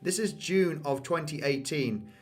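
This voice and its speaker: A man's voice: fairly high pitch, unhurried, soft background music. A man giving casual market commentary over price charts, losing his voice, repeating himself and often asking "okay?". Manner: repetitive, addresses viewers as guys, frequent "okay?" and "you know". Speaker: crypto market analyst.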